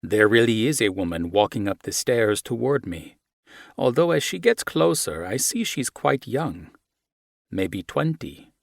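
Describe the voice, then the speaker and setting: A man reads a first-person romance in a measured, intimate way. His voice sits on the low side and stays soft throughout. The sound is close and completely dry. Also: animated, creaky, no room sound. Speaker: audiobook narrator.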